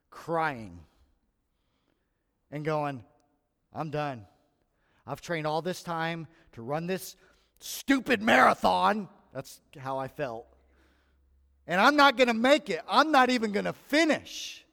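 Male pastor, lively sermon delivery, slightly raised pitch, long reverb of a large hall. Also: clean tone. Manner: animated preaching, acts out quoted voices.

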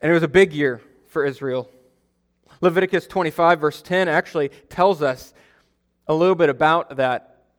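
A young man gives a sermon as pastor, his voice sitting a little higher than most men's. He talks in a loose, conversational way, telling stories and poking fun at himself. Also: normal speed. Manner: conversational storytelling, self-deprecating humor.

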